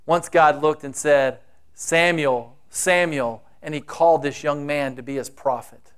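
High-voiced preacher, slow and dramatic. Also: male voice, fairly even intonation, smooth. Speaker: pastor. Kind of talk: sermon.

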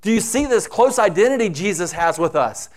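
A man's voice: high-pitched, lively intonation, brisk. A man preaching a sermon, acting out the quoted voices with dramatic shifts. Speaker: pastor.

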